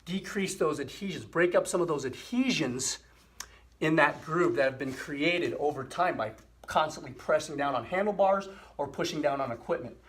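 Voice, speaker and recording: Middle-aged male health host, slightly raised pitch, easygoing instructional delivery. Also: normal speed. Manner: relaxed, repetitive explanations with fillers. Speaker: physical therapy host. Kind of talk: casual instructional demonstration.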